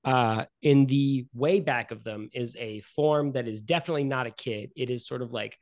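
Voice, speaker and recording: Guy running a tabletop game, casual rambly narration, lots of likes and uhs, middle pitch. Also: moderate pace, darkish tone. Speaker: game master.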